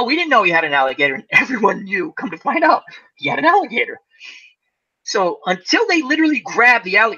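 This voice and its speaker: A man hosting a casual fireside chat, telling a long story in an animated way, acting out the voices of the people in it and laughing often. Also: high voice. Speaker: host. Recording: lo-fi muffled audio.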